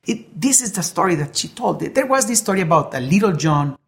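Gravelly-voiced preacher telling a story. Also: medium pitch, very animated, a little fast. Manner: earnest, repeats words while searching for them. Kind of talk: sermon with a storytelling illustration.

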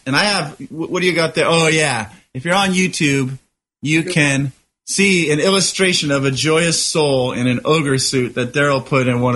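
A man's voice: on the high side, bright, forceful tone. A man co-hosting a podcast, talking earnestly and reflectively about spiritual ideas, often searching for his words. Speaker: podcast co-host. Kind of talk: casual spiritual discussion.

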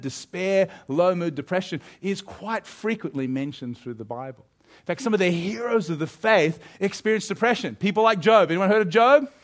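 High-voiced man preaching, lively storyteller, keeps asking the crowd stuff. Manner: lively storytelling, asks the audience questions. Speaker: pastor. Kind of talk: sermon.

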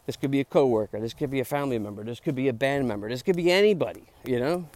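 A man's voice: medium pitch, lively intonation, rapid-fire, darkish tone. A middle-aged man, a podcast host rambling casually as he walks a park trail. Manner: rambling, chatty, says "dude" and "like" a lot. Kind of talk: casual walk-and-talk monologue.

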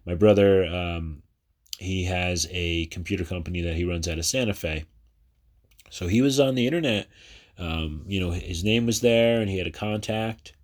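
A very low-pitched man in his thirties, originally from New Jersey, talks through his own podcast alone. He rambles in a casual, chatty way, often stopping on fillers and starting sentences over. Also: moderate pace. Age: 30s. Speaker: podcast host. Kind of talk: casual personal podcast monologue.

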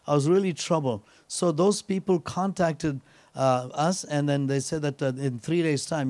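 A man preaching a sermon in a fairly high voice, weaving a personal story around a repeated scripture line. He keeps dropping in "praise God" and "hallelujah" between phrases. The sound is dry and close, with little room around it. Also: darkish tone, no room sound. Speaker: guest preacher.

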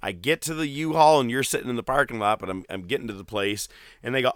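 A man's voice: medium pitch, a little fast, no room sound, studio quality. A man, casually recapping wrestling on a podcast and animatedly acting out what people said, swearing freely. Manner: animated storytelling, swears freely, acts out quotes. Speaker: podcast co-host.

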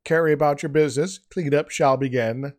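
A man voicing a heavy police robot that makes flat, formal announcements. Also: fairly high pitch, brisk, close to an everyday voice. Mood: commanding.

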